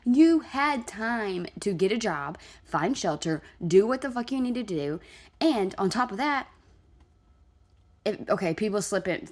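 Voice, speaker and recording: A woman delivers reaction commentary in a slightly low voice, blunt and scolding. She talks back at the clips she plays and lays out her opinion with plain force. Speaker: commentary vlogger.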